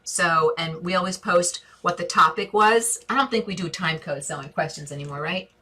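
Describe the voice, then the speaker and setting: A woman with a New York accent chats her way through viewer questions on a live stream. Her voice sits a little low but sounds bright and forward. She gushes at her audience and restarts her sentences as she thinks aloud. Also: moderate pace, husky. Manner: chatty and effusive, calls viewers babe and divas, thinks aloud with restarts. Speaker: interior design host answering viewer questions.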